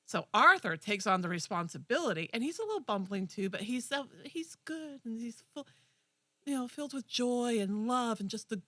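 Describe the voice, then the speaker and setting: A young woman co-hosting a community TV talk show, retelling a movie with enthusiastic, animated chat. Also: fairly high pitch, normal speed, no echo, clean studio sound. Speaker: co-host. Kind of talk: casual chat.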